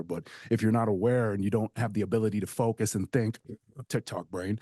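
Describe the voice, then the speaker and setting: A man with a fairly low voice tells a long, rambling personal story in a relaxed podcast chat. He is animated and keeps checking in with the listener. The sound is dry and close, with almost no room echo.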